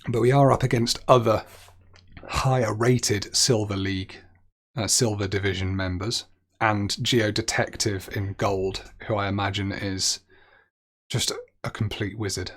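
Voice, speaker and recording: A man's voice: lowish voice, steady tone, unhurried. A young man streaming a geography guessing game, chatting as he thinks aloud and making light of his own mistakes. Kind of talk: gaming commentary.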